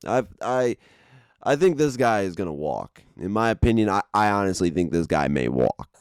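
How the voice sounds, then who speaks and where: Animated man reacting with swears. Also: low-pitched, normal speed, smooth, dry recording. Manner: animated, swearing, laughing often, stammering restarts. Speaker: reaction video host. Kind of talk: casual reaction commentary.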